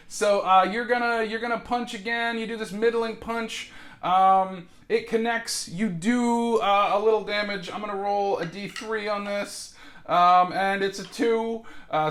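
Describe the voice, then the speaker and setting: A man's voice: high voice, fairly bright tone. A man acting as game master in a comedic solo tabletop role-play, hesitant and full of fillers and restarts.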